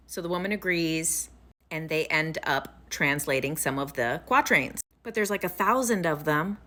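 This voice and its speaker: A woman's voice: lowish voice, expressive, moderate pace, pushed and bright. Woman vlogger chatting, hyped and casual, swears a bit. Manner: chatty, enthusiastic, profane. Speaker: host. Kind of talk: casual storytelling vlog.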